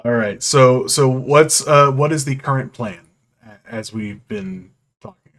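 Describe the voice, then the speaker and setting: A man's voice: mid-range voice, a little slow, fairly bright tone. A man running a tabletop game as game master, laid-back and laughing often, with many "uh" fillers.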